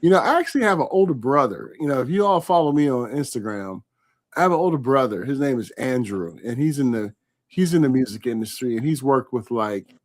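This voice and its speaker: A man hosts a live online interview in an easy, chatty manner. His voice sits at an ordinary middle pitch, and he keeps breaking off to read comments from viewers aloud. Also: animated, fairly quick. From California. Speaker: host.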